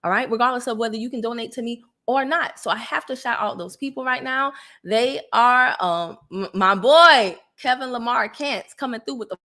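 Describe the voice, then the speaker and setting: A woman's voice: a little high, moderate pace, few pauses. A woman hosting a casual livestream, chatty and laughing often as she greets viewers. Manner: chatty, gives shout-outs, laughs often. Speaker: livestream host.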